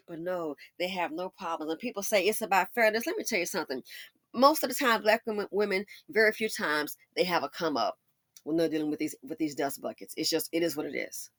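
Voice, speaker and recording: A woman's voice: fairly low pitch, lively intonation, brisk, a bit bright, no echo, studio quality. A woman giving sassy, emphatic, opinionated celebrity commentary. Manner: sassy, emphatic, mocking asides. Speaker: commentary channel host.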